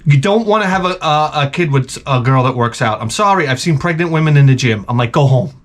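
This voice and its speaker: A man's voice: a little high, lively intonation, fast talker, slight background noise. Blunt, profane man on a beer-fueled rant. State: a little tipsy from beer. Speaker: advice vlogger answering viewer questions. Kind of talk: rambling comedic advice rant.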